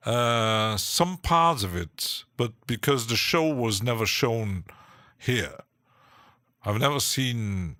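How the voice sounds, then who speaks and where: A man hosting a live stream, chatting casually in a rambling, halting way with frequent restarts and short laughs, from his home studio. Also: medium pitch, bright, forceful tone, no room sound.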